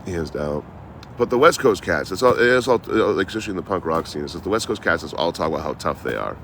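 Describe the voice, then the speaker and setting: Deep gravelly man chatting outdoors. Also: lively intonation, fast, fairly bright tone, a little hiss or hum. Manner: profane, rambling, laid-back. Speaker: traveling live streamer. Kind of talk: casual livestream storytelling.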